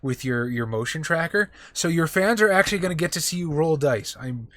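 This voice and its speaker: A man's voice: on the high side, animated, brisk, fairly bright tone, no room sound. A man chatting casually as a player and stream host in a tabletop game, swearing freely.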